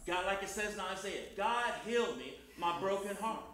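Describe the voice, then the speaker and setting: Animated and sharp-toned, a man with a high voice preaches at normal speed in an echoey church sanctuary. He shares folksy personal stories in plain language, with colloquial grammar throughout.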